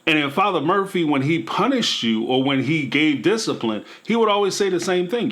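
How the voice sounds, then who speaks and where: A man's voice: fairly high pitch, sing-song, moderate pace, few pauses, fairly bright tone. A man hosting a commentary channel, talking emphatically and preachily in a casual vlog style, with playful asides.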